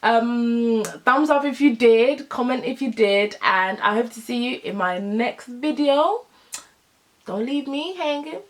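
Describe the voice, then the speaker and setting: A woman's voice: a little high, a little slow, hardly any pauses. A young woman vlogger telling a casual storytime to her camera, chatty and playful with asides. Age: young adult.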